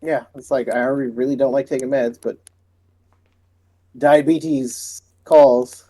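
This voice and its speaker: A man co-hosting a podcast, chatting casually and telling relaxed stories with an easy laugh. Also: medium pitch, quick pace. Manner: relaxed storytelling, laughs easily. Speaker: podcast co-host. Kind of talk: casual chat.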